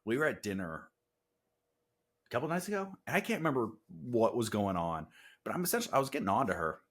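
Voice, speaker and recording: A man co-hosting a podcast, telling family stories in casual chat with animated, self-deprecating humor. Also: mid-range voice, quick pace, husky. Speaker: podcast co-host.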